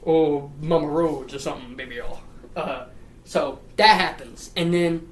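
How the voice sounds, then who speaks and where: A man's voice: on the high side, unhurried, reverberant. A man rattling through a comedic lore summary, rambling and profane, with repeats and silly put-on voices. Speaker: lore recap commentator.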